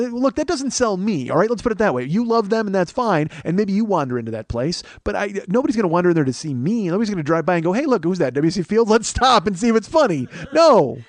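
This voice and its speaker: Animated, ranting comedian in his forties. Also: fairly high pitch, no room sound. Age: 40s. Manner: animated, profane, rambling ranting. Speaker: comedian podcast host. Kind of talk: casual comic storytelling.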